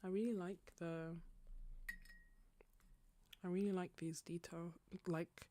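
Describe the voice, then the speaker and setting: A woman hosting a casual live painting stream, chatting with viewers and laughing often, her throat slightly husky. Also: on the low side, fairly even intonation, takes it slowly, dark tone, no room sound. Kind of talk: casual chat while painting.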